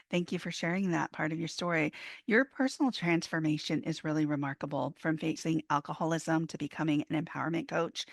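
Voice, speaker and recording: A woman host with a lowish voice leads an interview, asking thoughtful, probing questions. She reflects back what the guest says in a measured way. The sound is dry and close. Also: creaky, no echo. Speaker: podcast host, psychologist. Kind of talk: interview conversation.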